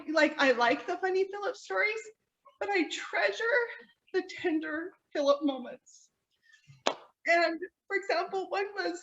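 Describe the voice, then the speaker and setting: A woman's voice: high-pitched, a bit bright. A middle-aged woman sharing tender, heartfelt memories of a family member at a gathering, recorded from a distance on a dull lo-fi mic. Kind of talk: personal memorial storytelling.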